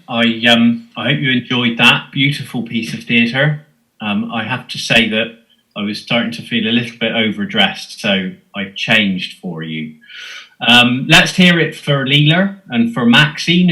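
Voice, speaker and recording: A man hosts an online theatre evening. He speaks in a bright, forward voice. His manner is casual and jokey, and he stumbles over ums between remarks. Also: mid-range voice, rough recording. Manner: casual and joking, with hesitant ums. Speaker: host. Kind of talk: live-stream introduction.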